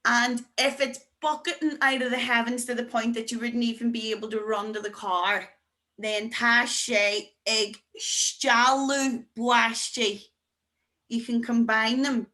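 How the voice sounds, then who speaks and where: A woman teaching to beginners over a video call, chatty and encouraging, slowing down to pronounce words. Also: on the high side, steady tone, pushed and bright. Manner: chatty, encouraging, slow deliberate pronunciation. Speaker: Irish language teacher. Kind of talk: online beginner class.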